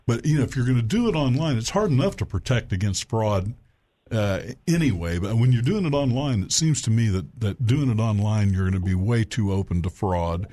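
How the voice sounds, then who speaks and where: A man's voice: fairly low pitch, expressive, a little fast, warm tone. A man sitting in as host of a radio talk show, chatting with guests and callers and moving the show along. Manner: conversational, moves the show along.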